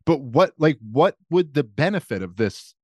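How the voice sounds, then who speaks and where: Wry, deadpan man on a podcast. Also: a little high, normal speed, no room sound, studio quality. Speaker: podcast guest, comedian. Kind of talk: casual conversation.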